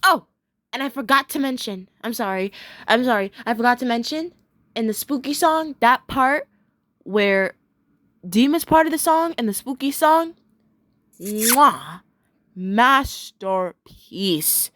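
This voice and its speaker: A woman's voice: high voice, lively intonation, moderate pace, fairly bright tone, no room sound. Giggly young woman rambling a cartoon recap. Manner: rambling, giggly, lots of fillers, gushing bursts. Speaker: cartoon episode reviewer. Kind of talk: casual recap vlog.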